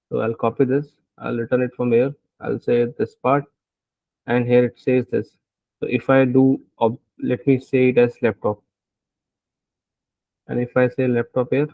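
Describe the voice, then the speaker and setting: A man's voice: mid-range voice, no echo, narrow, tinny audio. A man teaching programming as he codes live, thinking aloud and often checking in with "right?". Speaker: programming instructor. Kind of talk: live coding tutorial.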